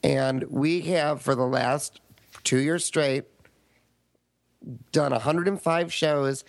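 Man, slightly high voice, campy casual chat, podcast co-host. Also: steady tone, slow pace, vocal fry, dry recording. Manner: campy, detail-obsessed trivia talk.

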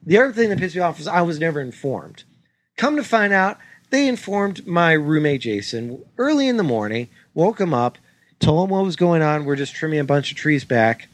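A man co-hosting a comedy podcast, telling a story in an exasperated, swearing, animated way. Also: a little high, normal speed, no echo. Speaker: podcast co-host. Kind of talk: casual chat, ranting story.

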